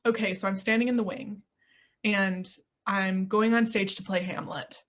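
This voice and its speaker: A woman's voice: mid-range voice, fairly even intonation, normal speed. A young adult woman, an acting coach, giving earnest, reflective interview answers and now and then acting out the doubting little voice in her head. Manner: earnest, searching, puts on little inner voices.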